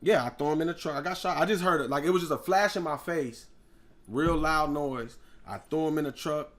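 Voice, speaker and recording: A man's voice: a little high, fairly quick, a bit bright. Man telling a wild story. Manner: acts out voices and sound effects while telling a story. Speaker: guest rapper. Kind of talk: animated storytelling.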